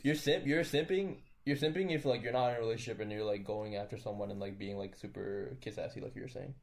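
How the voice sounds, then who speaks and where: With a creaky, lowish voice and quick pace, a young man co-hosting a podcast rambles through a casual chat among friends, often restarting and leaning on filler words.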